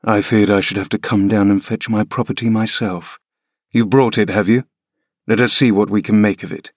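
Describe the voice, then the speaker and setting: A man's voice: lowish voice, steady tone, moderate pace, no echo, clean studio sound, close to an everyday voice. A man doing a grim, sneering middle-aged man. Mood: scornful. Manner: mocking, contemptuous delivery.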